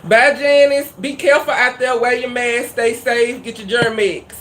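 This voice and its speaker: A woman's voice: on the high side, fairly even intonation, unhurried, fairly bright tone, slight background noise. Woman host, chatty and folksy with viewers, casual live-stream talk. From Louisiana. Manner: chatty and folksy, heavy Southern slang. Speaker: cooking channel host.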